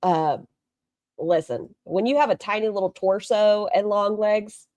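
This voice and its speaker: A woman's voice: mid-range voice, unhurried, a little mellow, dry recording. Sarcastic woman commenting on a video. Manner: blunt, sarcastic, critical. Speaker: reaction commentator. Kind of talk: casual reaction commentary.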